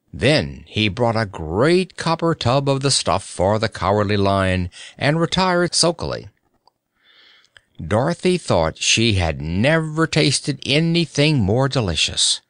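A man narrating a children's story in an expressive, deliberate reading. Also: lowish voice, dry recording, studio quality. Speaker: audiobook narrator.

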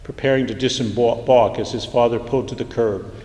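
Guy reading his short story aloud, steady and unhurried, big echoey hall sound. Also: medium pitch. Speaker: author reading his fiction. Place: lecture hall. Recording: echoey hall, roomy reverb.

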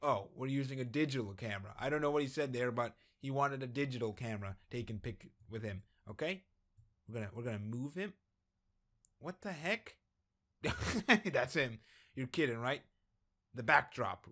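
A man doing playful commentary over a game he is playing. He reads the story text aloud and cracks jokes between lines. His voice sits at an ordinary middle pitch. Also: normal speed. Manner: joking, animated, reads dialogue in voices. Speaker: gameplay commentator.

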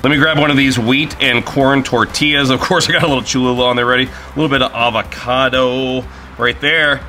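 A man's voice: medium pitch, steady tone, brisk, bright, forceful tone, faint music behind. A middle-aged man hosting a casual cooking video in his garage, chatty and laughing often. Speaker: griddle cooking video host. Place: home garage.

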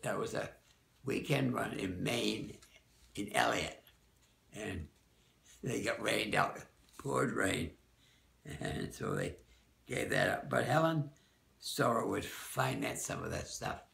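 An older man, a dance teacher, recalling people from the past in a rambling, halting way, often correcting himself. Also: fairly low pitch, big pitch swings, gravelly, fairly bright tone, echoey room. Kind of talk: oral-history reminiscence.

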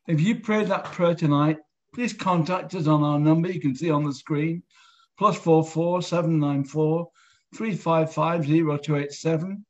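An earnest man hosts a show and closes it with a slow, measured preaching appeal. His voice sits a little high for a man. The sound is dull and lo-fi, like a streamed broadcast. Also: fairly even intonation. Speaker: host. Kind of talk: closing appeal and led prayer.

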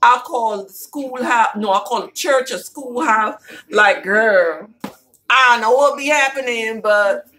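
A woman's voice: a little high, unhurried, pushed and bright, rough recording. A woman vlogger chatting casually and playfully to her viewers while showing a shopping haul.

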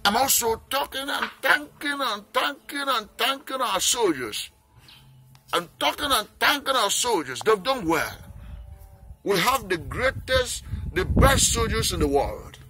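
A Nigerian man makes a heartfelt appeal for peace, pleading and repeating himself as he goes. His voice sits high and rises and falls a great deal. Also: big pitch swings, a little slow, pushed and bright, slight background noise. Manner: pleading, repetitive, earnest. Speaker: peace campaigner. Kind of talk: impassioned appeal speech.

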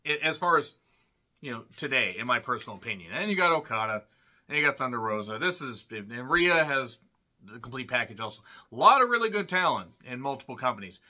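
Reviewing wrestling on his own, this man is casual, sarcastic, and irreverent, with frequent throat-clearing and sudden loud bursts. He talks a little fast in a very animated mid-range voice.

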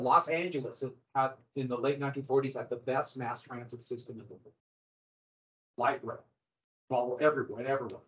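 Captured on a dull lo-fi recording in class, a middle-aged man teaches high school history in a chatty lecture style laced with sarcastic, wry remarks. His voice is medium-pitched and a bit bright.

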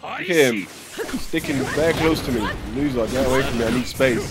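A man hosting a gaming channel, giving excitable live commentary on a fighting game, swearing and yelling at his opponent. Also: mid-range voice, fairly quick. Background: game music.

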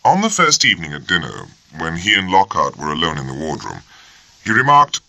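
A man narrating an audiobook in a measured, steady storytelling manner, close to the mic. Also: deep voice, vocal fry, no echo. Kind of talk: scripted narration.

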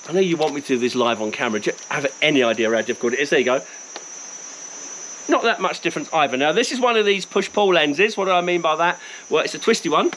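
A man's voice: a little high, a bit bright, slight background noise, low-quality recording. A man with a Cockney accent, a wildlife photographer talking casually and enthusiastically to camera outdoors, joking at his own expense. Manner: enthusiastic, chatty, self-mocking. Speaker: wildlife photographer reviewing gear. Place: outdoors in the bush.

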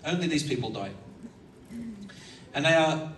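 A man preaching a sermon, an animated storyteller who chuckles between his points. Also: fairly high pitch, unhurried, slight background noise. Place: lecture hall. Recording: echoey hall, mic from far off, faint ambience.

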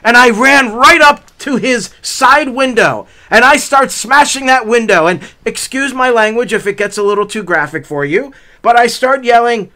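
A man vlogging on a forest hike, telling a dramatic story with lots of energy. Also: sits high. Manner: dramatic, builds up to shouted reenactments. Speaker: hiking vlogger. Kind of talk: animated storytelling. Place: outdoor forest trail.

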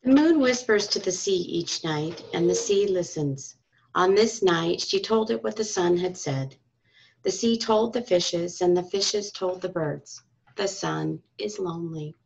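A woman reading a storybook aloud to school children and parents, in a calm, expressive storytelling manner. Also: fairly low pitch, unhurried. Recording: dull lo-fi recording.

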